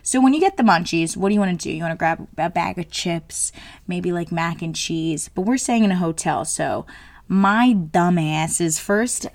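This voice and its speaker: A woman's voice: lowish voice, no echo. A woman in her late twenties talking casually as a solo host, frank and jokey, full of fillers. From New Jersey. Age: 20s.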